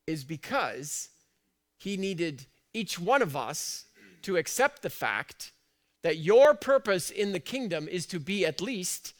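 A man preaching a sermon in a church, chatty and full of questions to the congregation, moving between soft asides and loud emphatic lines. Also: a little high. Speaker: pastor.

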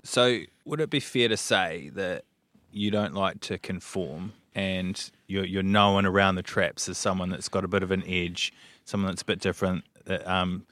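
A man with a very low voice hosts a relaxed interview, throwing out teasing questions and ribbing his guest. The audio is dry and close. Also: normal speed, no room sound. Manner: teasing, banter-heavy questions. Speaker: podcast host. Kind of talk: casual interview.

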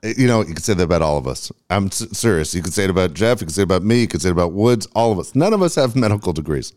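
A man's voice: low voice, animated, racing, a little mellow. A man co-hosting a podcast, talking candidly in casual banter. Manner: conversational, candid, profane. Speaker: podcast co-host.

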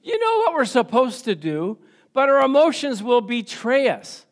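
A man's voice: extremely high pitch, wildly swooping pitch, moderate pace. A middle-aged man preaching a sermon in a church, chatty, acting out quoted voices, chuckling often and calling for amens. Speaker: pastor.

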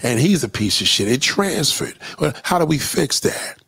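A man's voice: mid-range voice, big pitch swings, moderate pace, vocal fry, a bit bright, slightly rough, no room sound. A man delivering a profane, preachy rant straight at his audience. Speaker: commentator. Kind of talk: impassioned monologue rant.

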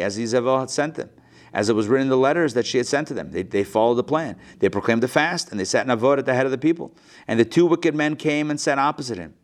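A rabbi teaching a live class, reading a text aloud and explaining it in a lively, playful way, acting out the quotes. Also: male voice, mid-range voice. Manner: lively, acts out the quotes with playful modern paraphrase.

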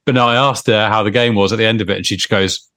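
A man co-hosting a football podcast talks in a low voice. His delivery is chatty and joking, and he drifts into trivia asides. The sound is dry and close. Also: fairly even intonation, fast, bright, forceful tone, no echo. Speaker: podcast co-host. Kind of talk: casual chat.

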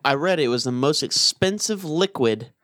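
A man's voice: fairly high pitch, animated, moderate pace, a bit bright, no room sound, clean studio sound. A man co-hosting a casual podcast chat, making wisecracks and cursing. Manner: wisecracking, profane. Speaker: podcast co-host.

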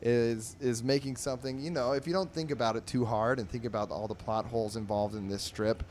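A man's voice: medium pitch, steady tone, a little fast, darkish tone, a little hiss or hum. A man hosting a comedy podcast, reading and reviewing newspaper comic strips in a rambling, wry way with many fillers and restarts. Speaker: host.

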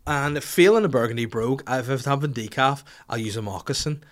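Animated man telling stories. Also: medium pitch, brisk, hardly any pauses. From Northern Ireland. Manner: animated, profane, acts out voices in anecdotes. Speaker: podcast host. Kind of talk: comic storytelling chat.

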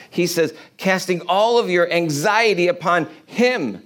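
A man's voice: fairly high pitch, slow, fairly bright tone. A man preaching a sermon in a conversational way, asking the congregation rhetorical questions. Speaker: pastor.

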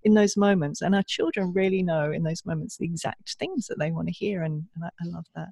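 A man co-hosting a podcast, talking in gentle, affirming, warmly effusive casual conversation. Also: a little high, fairly even intonation, brisk, creaky, breathy edge, dry recording, clean studio sound. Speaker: podcast co-host.

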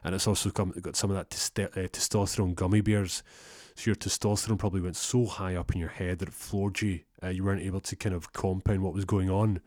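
A young man telling a rambling comic story, deadpan, acting out both sides of the conversation. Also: deep voice, fairly quick, few pauses, no room sound, studio quality. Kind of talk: comic storytelling with acted-out dialogue.

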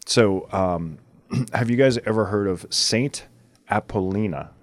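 Deep-voiced man telling a story. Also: takes it slowly, no echo. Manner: laughs often, storytelling with many fillers. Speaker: podcast host. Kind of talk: casual chat.

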